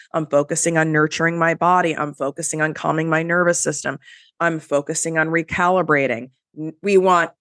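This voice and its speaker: A woman's voice: low voice, fairly bright tone, dry recording. Woman podcast host with a stuffy nose, casual and emphatic motivational talk, dry close sound. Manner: casual, emphatic, talks straight to listeners.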